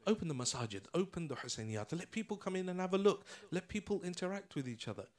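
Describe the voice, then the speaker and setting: Man from England, relaxed anecdotal speaker with fillers. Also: high-pitched, quick pace. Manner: casual, storytelling with filler words. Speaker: guest speaker. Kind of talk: anecdotal talk and audience Q&A.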